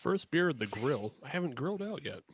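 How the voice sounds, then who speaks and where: A man's voice: a little high, big pitch swings, a little fast, a little hiss or hum. A man co-hosting a podcast, chatting casually over a video call, rambling and correcting himself with frequent laughs. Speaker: podcast co-host. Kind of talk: casual chat.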